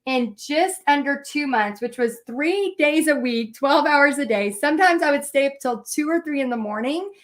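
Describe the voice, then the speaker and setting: Woman, high register, paint party instructor; casual, rambling storyteller with frequent fillers. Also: lively intonation, moderate pace, hardly any pauses. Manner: chatty, frequent fillers and restarts. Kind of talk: live painting lesson with personal storytelling.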